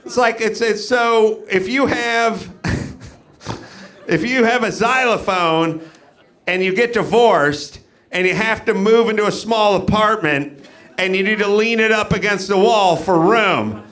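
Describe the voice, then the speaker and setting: A man's voice: sits high, slow pace, fairly bright tone. A man hosting a live comedy podcast from a comedy club stage, rambling through incredulous rhetorical questions. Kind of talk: live stand-up podcast riff.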